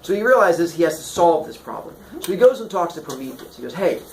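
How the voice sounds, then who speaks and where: A man with a fairly high voice talks quickly as he teaches a class, telling myths as funny stories. Animated and playful, he does voices for the characters; the echoey recording carries a slight hiss or hum.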